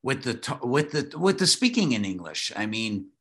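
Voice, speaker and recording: Bright-voiced male interviewer, hesitant. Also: mid-range voice, big pitch swings, moderate pace. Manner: hesitant, restarts questions. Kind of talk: casual interview questions.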